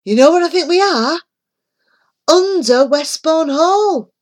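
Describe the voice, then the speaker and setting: A woman's voice: high-pitched, slow pace, pitched above the performer's own voice. A woman voicing an eager, determined boy who speaks urgently. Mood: excited. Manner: urgent, excited.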